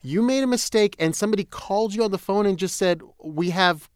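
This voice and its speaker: Lively male podcast co-host. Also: high-pitched, fast, clear, resonant tone, no echo. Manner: lively, animated, laughs easily. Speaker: podcast co-host, economics reporter. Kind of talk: casual chat, scripted explainer.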